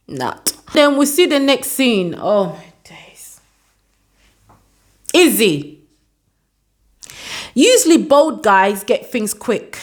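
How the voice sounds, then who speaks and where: A woman's voice: on the high side, sing-song, takes it slowly, long pauses. A woman casually recapping a reality show episode, scolding its cast in exasperated asides. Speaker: vlogger reviewing a reality show.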